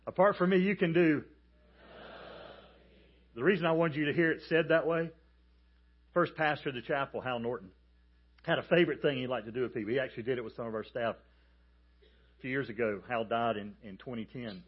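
A man preaching a sermon as a pastor, emphatic and animated as he tells a story. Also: medium pitch, fast talker, breathy edge, muffled recording. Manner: emphatic, animated storytelling with calls for the congregation to repeat.

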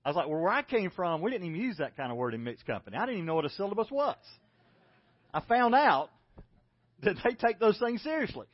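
A South Carolina pastor with a Southern drawl delivers a folksy, self-deprecating sermon. His voice sits high for a man. The recording sounds dull and lo-fi. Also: very animated, fast. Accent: Southern American. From South Carolina, United States.

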